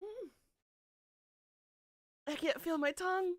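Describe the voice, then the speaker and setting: Slowly and with lively intonation, a woman with a mid-range, slightly bright voice talks to her chat during a livestreamed hot-sauce challenge. She swears constantly, groaning and coughing as the heat hits. The studio recording is clean with no echo.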